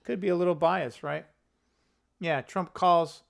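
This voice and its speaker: An opinionated male vlog host talks off the cuff about current events. He rambles, doubles back to correct himself and tosses in quick asides. His voice is slightly high and swings widely in pitch. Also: lively intonation, gravelly, clear, resonant tone. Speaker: political commentary channel host. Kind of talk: casual political commentary vlog.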